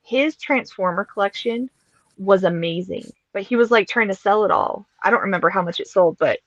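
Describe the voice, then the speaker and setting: A woman hosts a relaxed stream chat, talking in a chatty, emphatic run. Her voice comes through a dull, slightly lo-fi mic, close and dry with no room sound. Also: mid-range voice, normal speed, dry recording. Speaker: streamer host. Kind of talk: casual chat.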